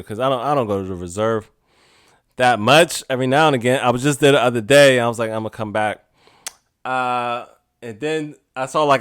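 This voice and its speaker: A man hosting a podcast alone, telling a rambling casual story with frequent laughs and sudden animated outbursts. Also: medium pitch, clean tone, no echo, clean studio sound. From United States. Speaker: podcast host. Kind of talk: casual solo monologue.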